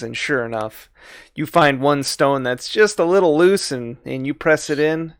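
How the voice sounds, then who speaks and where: A man's voice: mid-range voice, a bit bright, clean tone, no room sound, clean studio sound. A man narrating a tabletop game as its game master, describing scenes and laughing often between descriptions. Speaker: dungeon master. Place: live-stream home setup.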